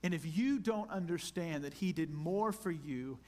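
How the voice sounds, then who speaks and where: High-voiced male pastor preaching earnestly. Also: expressive, a little mellow. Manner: earnest, intimate preaching, drawn-out emphasis on scripture; addresses the congregation directly as "church". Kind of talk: sermon.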